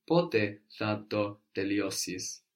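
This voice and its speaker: A man's voice: on the low side, expressive, slow. A man teaching a language lesson, patiently explaining words and prompting his student with questions.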